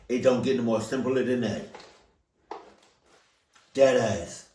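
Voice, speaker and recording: A man hosting a reaction video, talking in a casual, animated way, stammering and repeating himself. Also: medium pitch, a little slow, long pauses. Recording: echoey room, mic at a distance.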